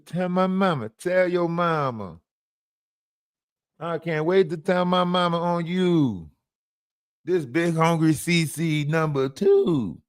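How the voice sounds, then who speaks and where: A man rants on his livestream in a taunting, profane way, repeating himself and prodding with "huh?". He speaks slowly in a slightly high voice. The recording is dry and close. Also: no echo. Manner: taunting, repetitive, profane, keeps asking "huh?". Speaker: livestream host. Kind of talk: profane live-stream rant.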